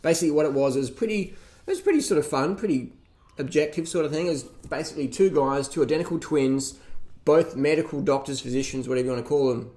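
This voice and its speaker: A man rants into the camera in a casual, profane way. His voice sits slightly higher than most men's, and he mocks the people he talks about with laughs and put-on voices. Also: fast talker. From Australia. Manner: profane, mocking, animated ranting with laughs. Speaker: vlogger reacting to a documentary. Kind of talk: casual rant.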